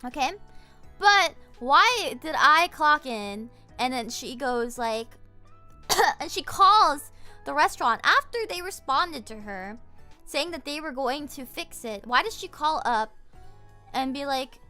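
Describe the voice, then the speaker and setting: A woman streamer casually retelling a story, exasperated and animated, swearing freely as she goes. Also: high-pitched, takes it slowly, soft background music.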